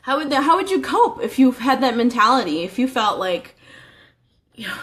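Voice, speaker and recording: A woman's voice: a little high, lively intonation, normal speed, a bit bright. A woman giving a casual motivational training talk as a life coach, earnest and conversational, asking the listener rhetorical questions.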